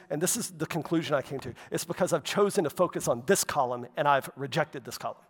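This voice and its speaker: Male pastor, chatty sermon delivery, slightly higher voice, long reverb from a big hall. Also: expressive, fairly quick, few pauses, a bit bright, breathy edge. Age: adult, walked with faith over half his life. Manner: conversational preaching with asides and tag questions.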